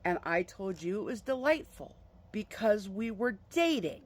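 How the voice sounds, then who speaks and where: A storyteller voicing a good-humored husband who talks calmly and teases gently in a matter-of-fact way. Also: medium pitch, unhurried. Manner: calm, teasing, matter-of-fact.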